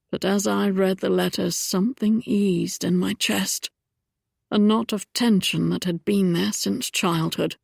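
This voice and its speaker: A woman's voice: lowish voice, creaky, a little mellow, no room sound, clean studio sound, full character voice. A woman voicing a charming, roguish young Regency duke in an audiobook, speaking wryly and then earnestly.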